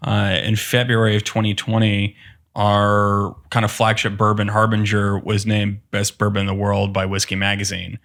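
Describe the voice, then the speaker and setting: A man's voice: fairly low pitch, normal speed, gravelly. A man, a distillery co-owner, telling a story casually in a podcast interview and acting out the reactions of the people in it. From Texas. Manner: animated, acts out quoted reactions.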